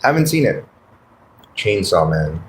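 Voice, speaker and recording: A man's voice: sits low, very animated, measured pace, slight background noise. A man hosting a livestream, chatting casually with viewers in a blunt, profane, laid-back way. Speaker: livestream host. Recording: roomy echo.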